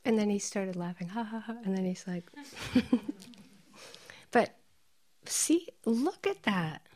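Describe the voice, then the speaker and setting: Animated woman meditation teacher. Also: medium pitch, slow. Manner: animated, laughs often, drops to soft whispers. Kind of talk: dharma talk with anecdotes.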